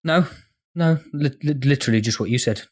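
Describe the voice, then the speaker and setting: A man's voice: fairly high pitch, a little fast. A man co-hosting a casual gaming podcast, rambling and sweary with frequent laughs. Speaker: podcast co-host.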